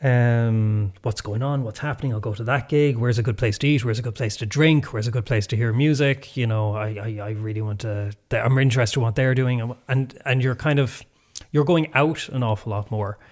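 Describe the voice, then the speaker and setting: A man's voice: mid-range voice, brisk, darkish tone. A man co-hosting a casual podcast chat, talking thoughtfully with many hedges and fillers. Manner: thoughtful, hedging, lots of fillers. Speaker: podcast co-host. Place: North Clare, Ireland.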